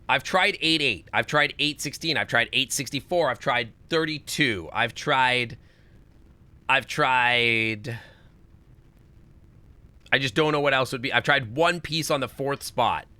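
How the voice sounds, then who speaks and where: A man's voice: medium pitch, expressive, normal speed, sharp tone, dry recording. A man streaming a puzzle game live, thinking aloud and swearing in frustration. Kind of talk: live gameplay commentary.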